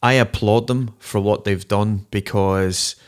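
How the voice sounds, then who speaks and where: A man co-hosting a rock podcast, joking and laughing loudly in casual chat. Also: fairly low pitch, takes it slowly, clean tone. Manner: jokey, animated, laughs loudly. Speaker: podcast co-host.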